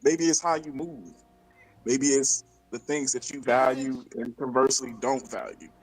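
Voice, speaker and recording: A man's voice: medium pitch, fairly even intonation, moderate pace, faint music behind, poor audio. A man on a panel giving blunt, casual commentary with laughing asides. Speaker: panel guest.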